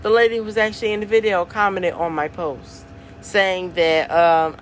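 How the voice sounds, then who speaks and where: A young woman hosting her own podcast, chatting casually in a slangy, animated way and laughing often. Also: on the low side, normal speed. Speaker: podcast host. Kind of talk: casual solo podcast chat.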